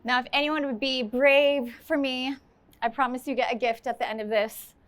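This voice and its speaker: A woman's voice: sits high, steady tone, normal speed, fairly bright tone. A woman speaking on stage to a live audience, telling a personal story with candid, self-deprecating humor and then answering questions.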